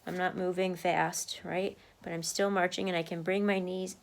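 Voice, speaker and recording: A woman's voice: lowish voice, little pitch movement, moderate pace, gravelly. A woman talking candidly to camera in a casual video diary from her home office desk, laughing now and then and marching in place as she talks. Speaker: vlogger sharing a weight-loss journey.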